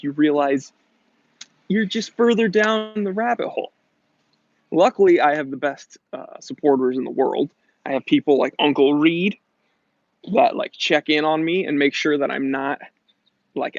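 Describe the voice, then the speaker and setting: A man's voice: a little high, creaky, no echo, highs cut off. A man in his thirties from New England, hosting a casual live Q&A and joking as he reads out viewer comments. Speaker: livestream host answering chat questions.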